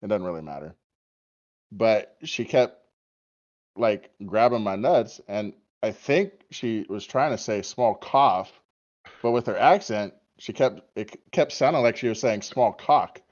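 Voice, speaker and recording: A man's voice: on the low side, a little slow. A man on a podcast telling stories casually, cursing freely and laughing often. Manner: profane, animated, laughs often. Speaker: podcast guest. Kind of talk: casual storytelling. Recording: dull lo-fi stream audio.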